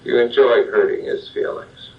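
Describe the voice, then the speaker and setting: An older man, a psychologist, giving a measured self-help talk straight to the listener. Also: medium pitch, steady tone. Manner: plain, measured, addresses the listener directly. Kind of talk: slow guided self-help monologue. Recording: dull lo-fi sound, distant from the mic.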